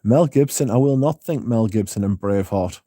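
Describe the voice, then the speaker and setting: A man's voice: fairly low pitch, normal speed, dark tone, no echo. A man hosting a casual livestream, reading viewer comments aloud and answering them with dry, sardonic banter. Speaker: livestream host.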